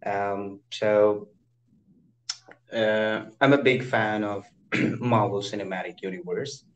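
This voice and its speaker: A man's voice: on the low side, takes it slowly, rough recording. A young man from India with an Indian English accent, chatting eagerly on a video call as an English learner, often restarting his sentences. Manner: animated, eager, frequent restarts. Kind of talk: casual video-call conversation. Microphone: computer mic on a video call.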